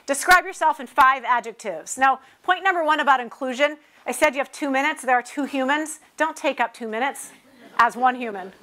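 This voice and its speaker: A woman instructor leading a workshop for a live audience, lively and joking, with quick asides. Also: high voice. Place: conference room.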